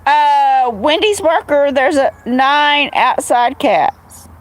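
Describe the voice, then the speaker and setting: A woman's voice: sits high, slow, rough recording. A woman chatting casually on a phone livestream at home, greeting viewers by name and telling stories. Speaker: livestream host.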